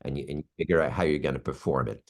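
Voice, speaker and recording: Speaking very fast in a very deep voice, a man in his sixties who works as an actor chats as an interview guest. He's an animated storyteller, full of asides and restarts.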